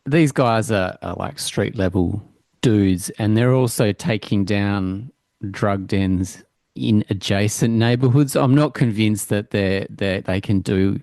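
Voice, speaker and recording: A man's voice: lowish voice, takes it slowly, vocal fry, a little mellow, dry recording, studio quality. A man co-hosting a podcast, chatting in an easygoing way about a TV show, often trailing off and restarting. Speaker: podcast co-host. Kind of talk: casual TV review chat.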